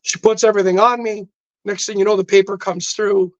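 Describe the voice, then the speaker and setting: A man's voice: high voice, flat delivery, fairly quick, no room sound, muffled recording. A man on a podcast telling a personal story intensely, acting out the dialogue as he goes. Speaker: podcast guest. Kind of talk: storytelling in casual chat. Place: podcast studio.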